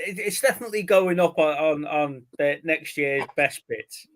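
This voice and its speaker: A man's voice: a little high, moderate pace. A man co-hosting a live stream chat, talking casually, swearing freely and laughing often. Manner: swears freely, laughs often, repeats words when starting.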